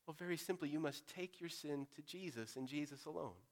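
A pastor preaching an earnest, direct sermon, moving between loud urging and quiet, pressing appeal. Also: male voice, a little high, brisk.

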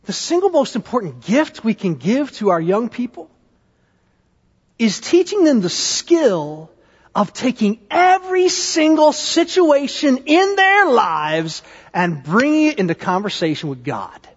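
Animated male pastor preaching in a reverberant hall. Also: extremely high pitch, a little slow, husky. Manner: animated, conversational preaching with rhetorical questions. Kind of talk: sermon. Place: church sanctuary. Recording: dull, lo-fi sound with long hall reverb.

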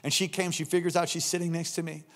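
Animated middle-aged preacher man, higher voice. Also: fast. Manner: animated, acts out voices in anecdotes, rising to shouts. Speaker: pastor. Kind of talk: sermon with storytelling.

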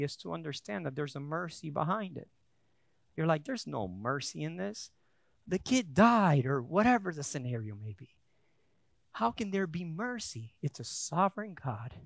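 A man's voice: fairly high pitch, creaky, fairly bright tone, dry recording, studio quality. A male pastor preaching a sermon, telling a story in a conversational way with frequent restarts, then building to emphatic preaching. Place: church.

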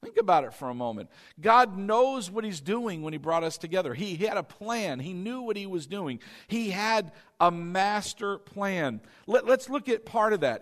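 Male pastor, high voice, sermon delivery, repetitive and interactive. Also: fairly bright tone, long reverb tail. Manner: repeats key phrases, calls on congregation to respond; shifts between slow emphatic lines and quick asides.

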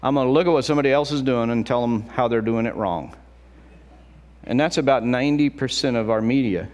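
Preaching with animation and a conversational feel, this middle-aged pastor acts out quotations along the way. He speaks at medium pitch, a little fast.

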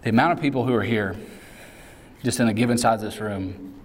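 A man preaching a sermon in a relaxed, conversational way, mixing casual asides with acted-out quotes. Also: on the low side, a little fast. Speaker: pastor. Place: large hall. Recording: reverberant hall sound.

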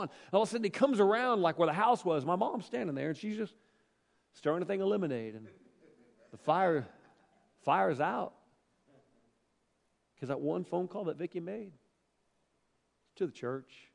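A middle-aged male pastor tells a personal story from the pulpit, animated and emphatic. His voice sits fairly high for a man and carries a gravelly edge. A long reverberant tail from a large hall follows his phrases. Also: moderate pace, long pauses. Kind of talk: storytelling sermon.

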